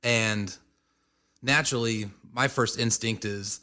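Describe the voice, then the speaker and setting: Band member man, bright forward voice, lively casual storyteller. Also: mid-range voice, normal speed. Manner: lively, acts out quotes.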